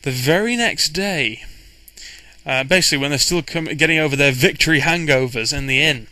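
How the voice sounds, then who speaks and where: A man's voice: a little high, normal speed, pushed and bright, no echo, poor audio. Rambling man recapping a game. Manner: rambling, with frequent restarts and fillers. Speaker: game master recounting a campaign. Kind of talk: casual storytelling recap.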